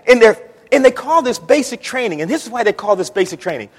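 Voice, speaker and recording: High, lively preacher with a husky edge. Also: male voice, fast. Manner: emphatic, repetitive, builds to shouting. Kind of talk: sermon. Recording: long church reverb.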